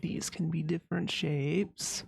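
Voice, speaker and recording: A giggly, rambling woman chats casually while she draws on stream, tossing out silly little sound effects. Her voice sits low, with a gravelly, husky grain. It is close and dry on a desk mic, with no room sound around it. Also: fairly even intonation, takes it slowly, a little mellow, dry recording. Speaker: art streamer. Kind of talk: casual chat while drawing.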